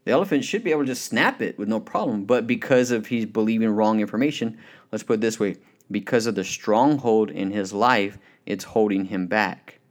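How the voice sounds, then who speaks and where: Emphatic male preacher telling stories. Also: fairly low pitch. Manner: storytelling, emphatic, slows down on key points. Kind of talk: sermon.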